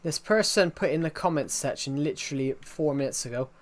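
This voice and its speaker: A man's voice: on the high side, a little fast. A man live-streaming a game, chatting casually and rambling to his viewers. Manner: rambling, chatty, talks to himself. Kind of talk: casual live-stream chat while gaming.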